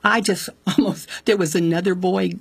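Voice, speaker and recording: A woman's voice: lowish voice, normal speed, creaky, slightly rough, dry recording. A woman telling a personal faith story as an interview guest, acting out the voices of the people in it. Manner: animated storyteller, acts out quoted voices.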